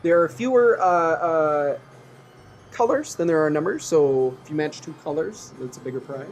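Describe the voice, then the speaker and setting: A man's voice: fairly high pitch, animated, normal speed, faint music behind. A man narrating a tabletop game as game master, rambling and correcting himself as he goes.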